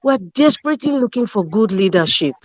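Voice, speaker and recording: Woman on a call, earnest, picks her words slow and careful, dull dry sound. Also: a little high, lively intonation, no room sound. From Nigeria. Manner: earnest, chooses words carefully, emphatic repetition. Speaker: panel guest. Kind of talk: political commentary.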